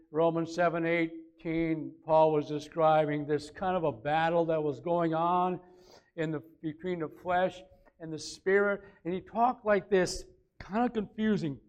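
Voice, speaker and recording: A man's voice: fairly high pitch, steady tone, measured pace, clear, resonant tone. A man preaching a conversational sermon, repeating phrases and rising to emphatic peaks. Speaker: pastor.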